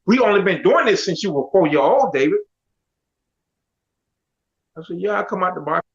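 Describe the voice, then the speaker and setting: A middle-aged man telling his life story in a casual, animated way, acting out what others said. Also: high voice, moderate pace, creaky. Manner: animated, quotes others in dialogue. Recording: dull lo-fi audio.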